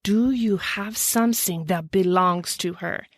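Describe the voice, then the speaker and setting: Brief: solemn Russian-accented healer man, put on by a woman, slow and gravelly, dry sound. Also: on the low side, no echo.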